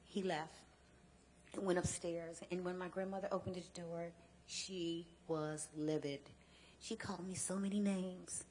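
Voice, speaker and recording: A woman's voice: lowish voice, steady tone, a little mellow, a little hiss or hum. A woman from Chicago giving a personal testimony talk, earnest and emphatic, repeating key phrases and stumbling into restarts when the memories press in. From Chicago, United States. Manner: earnest storytelling with emphatic repetition; halting restarts when emotional. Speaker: guest speaker and advocate.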